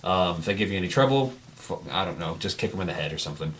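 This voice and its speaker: A man's voice: low-pitched, lively intonation, very fast, a bit bright, voice pushed down. A man voicing a brusque, nervous female prison guard officer who gives curt, bossy orders. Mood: brisk.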